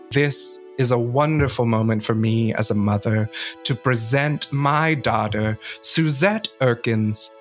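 A man voicing an elegant, commanding noblewoman hosting a party, polite on the surface with a threat beneath. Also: close to an everyday voice. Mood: grand. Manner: sweet but menacing, high-pitched.

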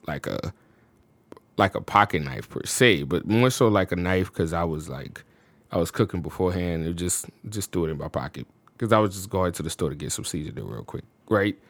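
A man's voice: sits low, dry recording. A man from the United States, a podcast guest, telling a personal story casually and with animation. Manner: animated, with frequent fillers like "you know what I'm saying".

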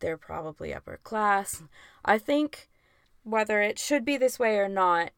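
A woman's voice: mid-range voice, expressive, unhurried, a bit bright, clean tone, no echo, clean studio sound. A young adult woman co-hosting a podcast, chatting casually with lots of "like" fillers and frequent laughs. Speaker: podcast co-host. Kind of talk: casual chat.

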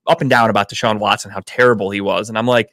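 A man's voice: lowish voice, fairly even intonation, fast, fairly bright tone, no echo. A man hosting a casual sports podcast in a studio, joking and swearing as he talks football. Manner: loose, profane, joking. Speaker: podcast host.

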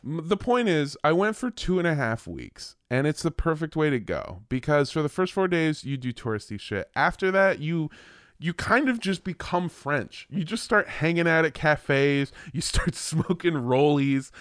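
A man chatting casually on a podcast, telling stories in an animated, profane way, with mocking voices for the people in them. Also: on the high side, normal speed, smooth, dry recording, clean studio sound. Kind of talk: casual chat, storytelling.

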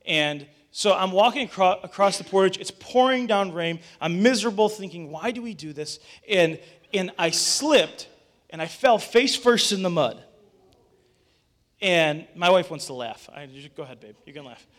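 Bright high-voiced man preaching. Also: lively intonation, moderate pace. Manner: storytelling, rising to urgent exhortation. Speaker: pastor. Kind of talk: sermon.

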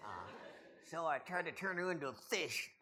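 A man's voice: fairly high pitch, moderate pace, very noisy, close to an everyday voice. A man voicing a grumpy old man who hates life, with curt, insulting put-downs in a ventriloquist act. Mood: dry.

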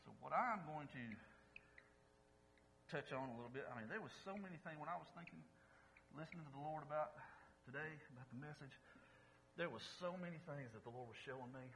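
A man's voice: on the high side, a little fast, a bit bright, slight background noise, rough recording. A man preaching a casual, folksy sermon, rambling and joking with the congregation. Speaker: pastor.

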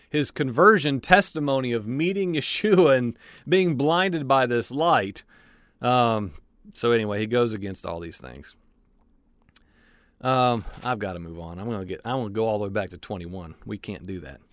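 A man's voice: mid-range voice, no echo, studio quality. A man giving an informal Bible study, reading scripture aloud and commenting on it with asides and filler words. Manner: animated, frequent fillers and restarts. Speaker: Bible teacher. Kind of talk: conversational Bible study teaching.

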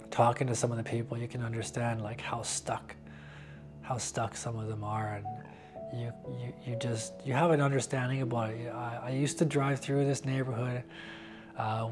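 A man giving a candid interview about his faith, talking earnestly and haltingly with frequent restarts. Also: mid-range voice, little pitch movement, music in the background. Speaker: interviewee sharing a personal faith testimony.

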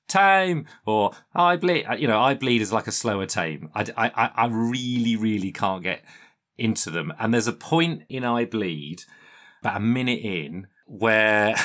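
A man's voice: on the low side, fairly bright tone. A man co-hosting a casual music chat, wry and emphatic, poking fun at himself. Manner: wry, self-deprecating, emphatic. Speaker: podcast co-host.

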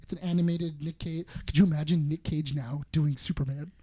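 A podcast co-host in casual chat who tells rambling, excited stories and gets louder and higher while acting out what others said. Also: a little fast. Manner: rambling storyteller, excited, acts out quotes in a high voice.

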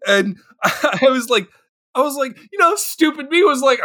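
High, animated, bright-voiced man. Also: moderate pace. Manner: animated, laughs often, acts out silly voices. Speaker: podcast co-host. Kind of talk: casual chat.

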